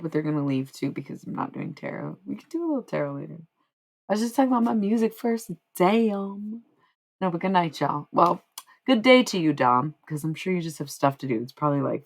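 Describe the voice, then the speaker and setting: A woman's voice: deep voice, vocal fry. A woman livestreaming, chatting casually to her viewers in a rambling, slangy, frank way. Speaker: livestreamer and singer.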